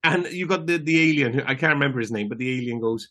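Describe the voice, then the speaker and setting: Podcast co-host, male, bright forceful tone, fast eager retelling of favorite scenes. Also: medium pitch. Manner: quick, enthusiastic, laughing retellings. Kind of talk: casual film discussion.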